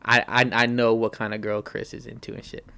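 A man co-hosting a relaxed podcast conversation. He talks in a loose, slangy way and laughs easily, his voice sitting at a middle pitch. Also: a little fast, clean tone. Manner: laid-back, slangy, laughs often. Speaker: podcast co-host. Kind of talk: casual chat.

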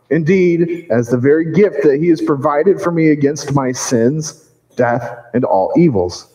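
A male pastor delivering a sermon in a church, earnest and measured, with slow emphatic phrases. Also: a little high, darkish tone, reverberant, in a large hall, poor audio.

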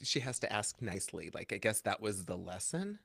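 A man chatting casually on a podcast, telling a story in an animated way, acting out quotes in high voices and laughing often. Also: a little fast, creaky, slightly rough, no echo. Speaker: podcast co-host. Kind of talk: casual chat.

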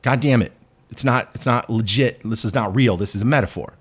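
A man's voice: medium pitch, brisk, breathy edge. A man hosting a podcast, delivering a profane, self-deprecating rant. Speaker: podcast host.

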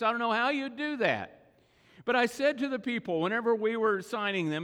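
A middle-aged man with a notably high voice delivers an earnest sermon. He slows down and leans on single words for emphasis. The sound rings with the long reverb of a large church hall. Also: pushed and bright. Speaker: pastor. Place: church sanctuary.

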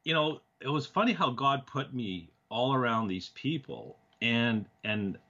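A man from Canada, a TV producer, telling animated stories as an interview guest, acting out quoted dialogue with frequent restarts. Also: medium pitch, measured pace, muffled recording. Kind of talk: casual storytelling in a talk-show interview.

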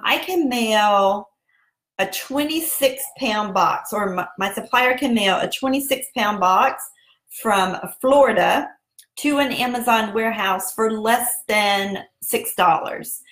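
Woman, Southern accent, casual live-stream talk, higher voice, roomy echo. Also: fairly bright tone. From South Carolina. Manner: chatty, addresses viewers directly. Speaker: online business coach.

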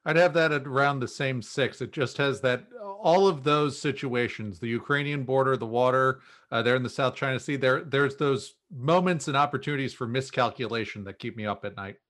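A male panel guest with a middle-pitched voice. He talks in a thoughtful, slightly hesitant way, pausing as he works out his points. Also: fairly bright tone. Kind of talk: casual panel discussion.

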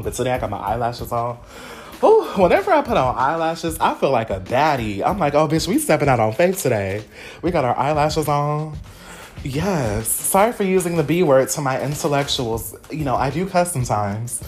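Low-voiced chatty woman podcast host. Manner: chatty, slangy and motivational, addresses listeners directly. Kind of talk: casual solo podcast talk.

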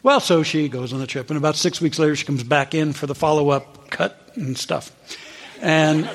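A man preaching a sermon, telling a story and acting out the people in it with lively voices. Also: brisk, long reverb tail. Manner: storytelling with high animated voices for quoted characters. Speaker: minister.

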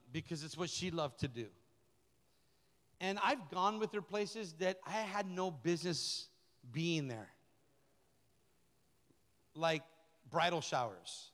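A middle-aged man, a pastor, delivering a lively, colloquial sermon that repeats key phrases. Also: fairly high pitch. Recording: long reverb of a large hall.

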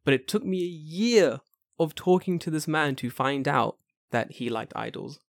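A young man co-hosting a podcast, telling animated stories in casual chat, full of swearing and squeaky impressions of other people. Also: normal speed, creaky, dry recording, studio quality. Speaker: podcast co-host.

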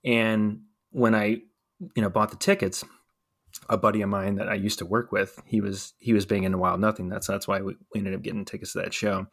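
A man co-hosting a podcast, chatting casually in a relaxed, rambling way with many fillers. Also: lowish voice, a little fast, vocal fry. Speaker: podcast co-host. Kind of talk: casual chat.

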